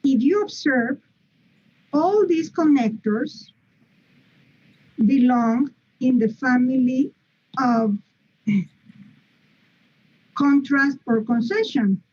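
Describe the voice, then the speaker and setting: Woman teacher for a streamed grammar class: slow, patient delivery, soft mellow tone, muffled lo-fi sound. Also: high voice, breathy edge. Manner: patient, explains step by step with frequent "mm-hmm" and "okay". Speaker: English teacher. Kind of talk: online English grammar lesson.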